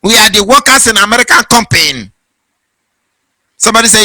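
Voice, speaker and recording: A man's voice: extremely high pitch, expressive, quick pace, pushed and bright, no room sound. A man from southeastern Nigeria with a Nigerian accent, giving a fervent political monologue as host in a sing-song preaching cadence. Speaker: online broadcast host.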